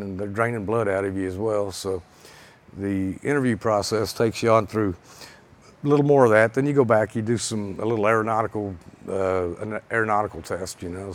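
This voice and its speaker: A man, a pilot and author, telling a story from a stage in a salty, animated way, his voice rising and heating up at times. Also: fairly low pitch, a little fast. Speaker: pilot and author giving a talk. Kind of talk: storytelling presentation. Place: event stage.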